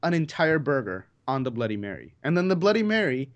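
A man's voice: mid-range voice, big pitch swings, quick pace. A man co-hosting a casual podcast, ranting in an exasperated, profane way. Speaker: podcast co-host. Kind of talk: casual comedic rant.

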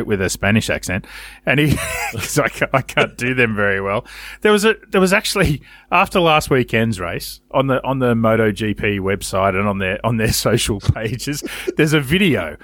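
A man co-hosting a casual sports chat, swearing freely as he tells stories. His pitch swings widely and his voice sits in the middle range. The sound is dry and close. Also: normal speed, no echo. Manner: sweary, animated storytelling. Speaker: podcast co-host.

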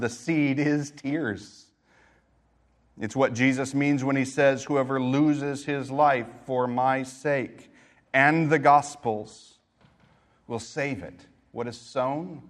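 A middle-aged man preaching a sermon as pastor, telling a personal story and moving between quiet reflection and emphatic exhortation. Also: medium pitch.

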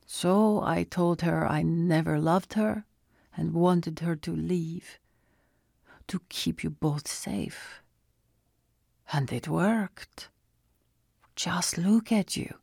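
A man's voice: fairly high pitch, drawn-out words, vocal fry, pauses often, darkish tone, slightly rough, no echo, studio quality, heavily acted. A woman voicing the spirit of a man's dead father with a Russian accent, who speaks in clipped phrases that drop small words. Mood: tender. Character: father's spirit from paradise, earnest Russian man. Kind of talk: storybook narration.

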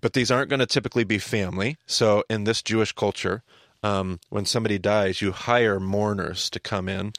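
Brief: podcast host, man, low gravelly voice, lively Bible teacher, dry close sound. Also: brisk, no echo. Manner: animated, explanatory, repeats words when starting a thought. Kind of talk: casual Bible teaching talk.

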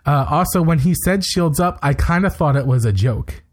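A man's voice: fairly high pitch, expressive, moderate pace. Man casually recapping a TV episode. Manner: retells scenes with quoted lines, many fillers. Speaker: podcast co-host.

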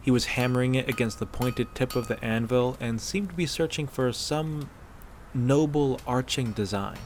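A man narrating a fan-fiction story aloud in a steady, measured way. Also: mid-range voice, slight background noise.

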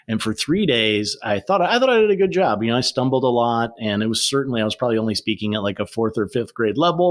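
A man talking as a guest author, telling stories in a lively, animated way with frequent restarts. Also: mid-range voice, fast talker, hardly any pauses. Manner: animated storyteller, many restarts. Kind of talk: conversational interview.

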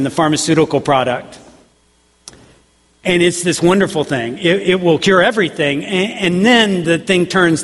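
Animated preaching man in a reverberant hall. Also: a little high. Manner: conversational, animated, acts out quotes in voices. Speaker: pastor. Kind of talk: sermon.

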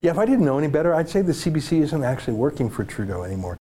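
A man's voice: a little high, very animated, rapid-fire, warm tone, husky. A man hosting a political commentary show, talking with mocking, exaggerated sarcasm.

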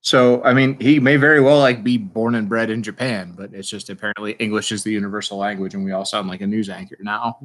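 A man's voice: lowish voice, steady tone, fast talker, hardly any pauses, fairly bright tone. A man co-hosting a podcast chat, making wry, dry jokes and laughing often. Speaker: podcast co-host. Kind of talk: casual chat.

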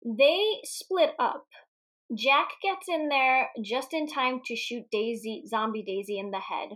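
A woman co-hosting a casual movie podcast. She talks in an animated, giggly way and swears freely. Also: high-pitched, measured pace. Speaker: podcast co-host.

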